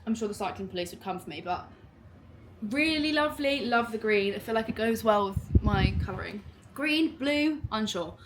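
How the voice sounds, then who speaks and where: A young woman, chatting casually at home while unboxing a clothing haul in an excitable, gushing way. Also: mid-range voice, fairly quick, slight background noise. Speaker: vlogger.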